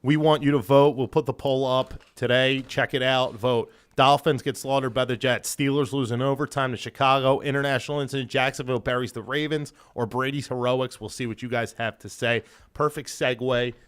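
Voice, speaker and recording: A man co-hosting a casual sports podcast, brash and excitable, swearing freely. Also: medium pitch, fairly quick, few pauses, clean tone. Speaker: podcast co-host.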